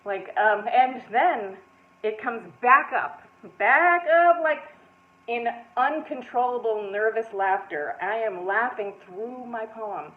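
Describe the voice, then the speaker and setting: Slow, laughing woman storyteller on a tinny line. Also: fairly high pitch. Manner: animated, breaks into frequent laughter. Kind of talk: personal storytelling. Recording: tinny phone-like sound in an echoey room.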